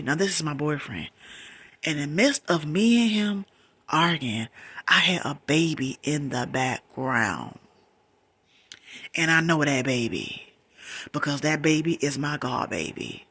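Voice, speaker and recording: A woman whispers a personal story close to a phone mic in ASMR storytime fashion. Her whisper is bright and breathy, and her pitch climbs as the retelling grows emotional. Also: animated, a little slow.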